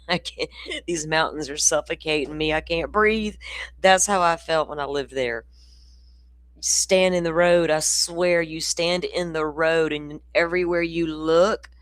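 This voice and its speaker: A woman's voice: sits low, no room sound. A woman from Florida with a Southern accent, hosting a casual true crime stream and chatting with viewers in a loose, storytelling way. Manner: chatty, laughing, storytelling asides. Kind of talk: casual livestream chat.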